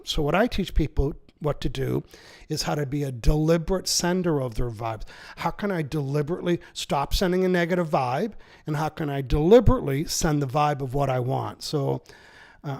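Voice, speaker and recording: A man with a somewhat high, gravelly voice, talking as an author and seminar trainer. He explains his ideas energetically and persuasively. He slips into little acted-out quotes along the way. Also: darkish tone. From Canada. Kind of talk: enthusiastic interview explanation.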